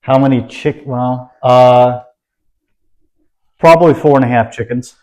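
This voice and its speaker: A man's voice: mid-range voice, unhurried, darkish tone, dull audio. An easygoing male podcast co-host with an ordinary mid-range voice. He chats casually, mostly answering briefly and agreeably. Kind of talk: casual chat.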